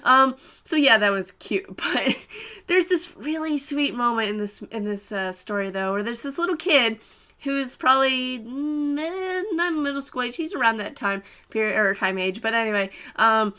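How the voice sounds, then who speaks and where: Giggly, rambling young woman, bright voice. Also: fairly high pitch, moderate pace. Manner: giggly, rambling, many fillers and laughs. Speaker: anime reviewer. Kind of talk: casual spoiler review.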